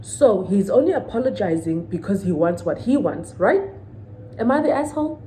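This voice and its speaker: Woman, thirties, venting vlog, emphatic, repetitive, mellow tone. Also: medium pitch, sing-song, moderate pace, a little hiss or hum, poor audio. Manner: indignant, emphatic, repeats points, asks the viewers questions. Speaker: vlogger. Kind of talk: venting storytime to camera.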